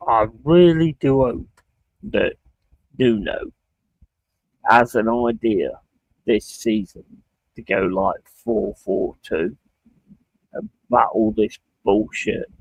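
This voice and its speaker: A man's voice: mid-range voice, creaky, husky, dry recording, poor audio. A young man chatting casually on a live stream, sweary and prone to ranting. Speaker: streamer watching a football match.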